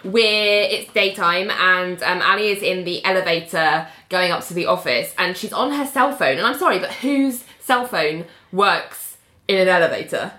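A woman co-hosting a podcast, recapping a TV episode in casual chat, animated and laughing often as she acts out characters' lines. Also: on the low side, moderate pace, reverberant.

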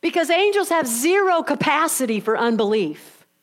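A woman's voice: high voice, big pitch swings, moderate pace. A woman preacher retelling scripture in a conversational, emphatic storytelling sermon.

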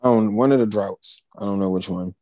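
A young man in casual chat, speaking in relaxed slang, stalling with fillers as he thinks. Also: on the low side, brisk, dry recording, poor audio.

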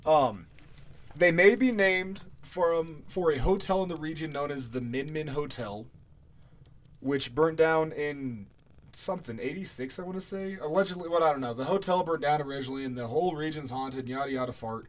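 A man's voice: on the high side, moderate pace. A man co-hosting a podcast in casual chat, offhand and profane, tossing off dismissive asides. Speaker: podcast co-host.

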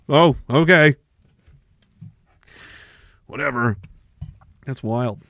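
A man with a high voice hosts a livestream podcast, rambling through a profane rant. He swears freely and chuckles as he goes, jumping from loud bursts to half-mumbled asides. The sound is close and dry, with no room around it. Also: lively intonation, moderate pace, no room sound. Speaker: podcast host.

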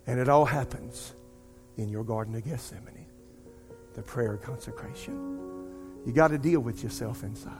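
A middle-aged man, a pastor preaching a sermon and telling a personal story in an animated way. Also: medium pitch, moderate pace, soft background music. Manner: animated storytelling, addresses congregation as "y'all".

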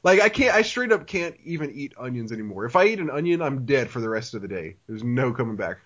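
A man's voice: mid-range voice, very animated, quick pace, fairly bright tone. A man hosting a casual podcast, reading listener mail and chatting, laughing often and restarting his sentences. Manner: laughs often, repeats words when restarting. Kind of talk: casual chat. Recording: dull lo-fi sound.

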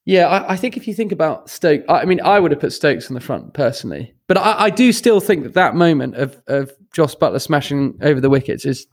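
Guy on a podcast, higher voice, keeps tripping over his words, giggly. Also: animated, a little fast, few pauses. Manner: stammering, repeats words, giggly. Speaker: podcast co-host. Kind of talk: casual chat.

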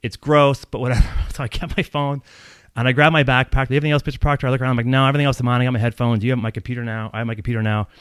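A man's voice: medium pitch, rapid-fire, clear, resonant tone, no echo. A man telling a long personal story in a casual, rambling way, swearing often and laughing as he goes. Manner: profane, rambling, animated, laughs while telling.

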